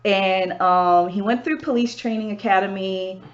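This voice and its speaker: A woman's voice: mid-range voice, measured pace. A young woman chatting casually on a vlog, telling a travel story and acting out what people said to her. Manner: animated, acts out other people's lines in quotes. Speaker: vlog host. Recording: dull lo-fi sound.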